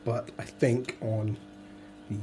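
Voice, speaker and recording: A man with a hoarse, fading voice, muttering to himself and joking at his own expense as he builds toy models. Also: medium pitch, little pitch movement, takes it slowly, background noise. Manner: muttering to himself, self-deprecating. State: hoarse, voice going. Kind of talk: casual build commentary.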